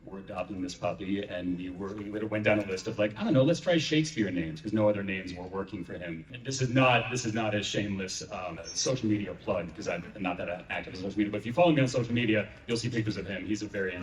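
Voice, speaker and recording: A man's voice: on the low side, fairly even intonation, fast, hardly any pauses. A male audiobook narrator on a convention panel, telling rambling, self-deprecating anecdotes. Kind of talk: relaxed anecdotal storytelling. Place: large convention panel room. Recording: echoey hall, distant mic.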